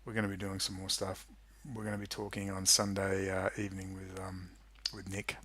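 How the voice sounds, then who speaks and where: Deep-voiced and monotone, this man speaks briskly with a pushed, bright sound. As a political commentary YouTuber, he delivers an angry, sarcastic political rant straight to camera, swearing freely.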